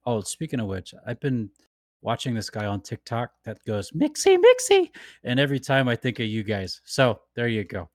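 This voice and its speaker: A man's voice: lowish voice, moderate pace, no echo, studio quality. A man co-hosting a podcast in casual chat, laughing often as he talks. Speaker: podcast co-host.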